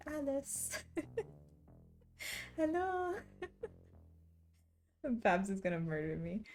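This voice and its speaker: A woman's voice: medium pitch, gravelly, darkish tone. A young woman livestreaming, chatting casually with her audience and teasing them playfully with frequent giggles.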